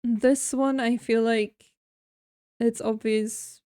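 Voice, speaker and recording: A woman streamer talks through her building in an unhurried, leisurely way, musing out loud and teasing herself. Her voice sits a little high, and the sound is close and dry, with no room in it. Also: fairly even intonation, clean tone, no room sound. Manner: chatty, self-mocking, thinking aloud while building. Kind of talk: casual gameplay commentary.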